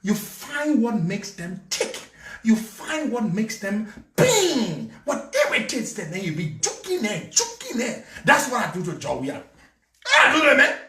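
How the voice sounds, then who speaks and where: A man's voice: high-pitched, very animated, unhurried, bright, forceful tone. A man with a Liberian English accent telling a mocking political story, laughing often as he goes. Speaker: political commentator. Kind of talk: storytelling commentary. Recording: echoey room, far from mic.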